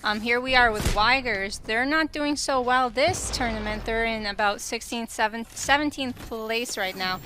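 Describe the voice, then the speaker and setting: A woman's voice: fairly high pitch, moderate pace, hardly any pauses, pushed and bright, a little hiss or hum. A woman from Canada giving color commentary on an esports tournament, friendly with light self-deprecating humor. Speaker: esports analyst.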